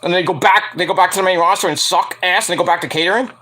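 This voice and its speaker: A man casually recapping a wrestling show, animated, profane and sarcastic. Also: high-pitched, rapid-fire. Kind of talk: casual rant-style recap.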